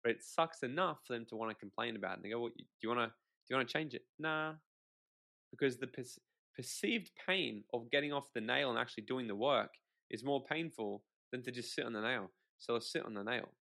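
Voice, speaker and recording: Gravelly-voiced man telling a story. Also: mid-range voice, fairly quick, bright, forceful tone. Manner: blunt, swears casually, acts out quotes. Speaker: podcast guest. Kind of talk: animated conversational storytelling.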